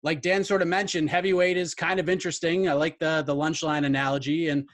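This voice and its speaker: A man hosting a podcast panel, setting up topics briskly and calling on each panelist in turn. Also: fairly high pitch, level tone. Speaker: host.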